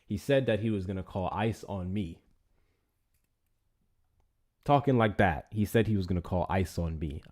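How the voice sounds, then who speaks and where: A man with a deep voice hosts a casual livestream and talks straight to his viewers. He rambles loosely, drops swear words, and moves from one thought to the next without much plan. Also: moderate pace, pauses often, a little mellow. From United States. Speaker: livestream host.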